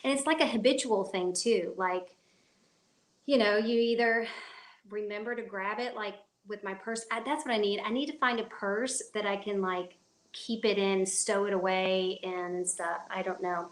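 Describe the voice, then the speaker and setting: A woman's voice: mid-range voice, fairly even intonation, moderate pace, roomy sound. A woman with a Kentucky accent hosting a casual live chat stream from her phone, rambling and laughing often. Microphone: phone at arm's length.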